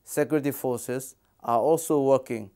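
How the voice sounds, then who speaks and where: A man with an Indian English accent giving a measured academic lecture, reading from prepared text. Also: medium pitch, mellow.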